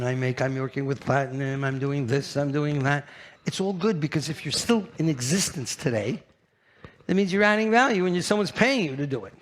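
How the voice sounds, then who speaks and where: Older new york guy doing a keynote, brash and animated, pokes at the crowd. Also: fairly high pitch. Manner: brash, animated, teasing the audience. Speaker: keynote speaker. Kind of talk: conference keynote.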